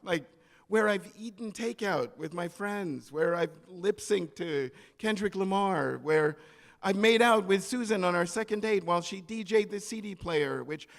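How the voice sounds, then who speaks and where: A man telling a story on stage at a live event, animated and comic, acting out the people in it. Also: sits high, normal speed, creaky, big-room sound. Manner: animated, comic, acts out quoted voices.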